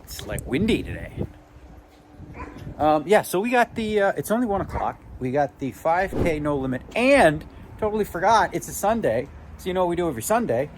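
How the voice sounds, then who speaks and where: A man's voice: fairly high pitch, big pitch swings, fairly quick, slight background noise. Chatty man vlogging at home. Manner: chatty, joking, talks to his dogs. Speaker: vlogger, poker player. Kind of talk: casual vlog talk to camera. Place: home, backyard and indoors.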